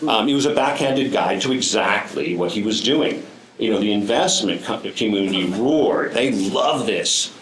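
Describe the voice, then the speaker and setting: A man's voice: lowish voice, lively intonation, normal speed, a bit bright, roomy sound, slight background noise, low-quality recording. A man giving a prepared speech to a live audience, telling stories with dry, wry humor and frequent ums. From United States. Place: room with an audience.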